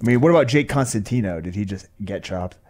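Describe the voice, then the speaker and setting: A man's voice: on the low side, animated, fast, darkish tone. A man co-hosting a podcast, talking in a laid-back, chuckling way. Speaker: podcast co-host. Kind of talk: casual chat.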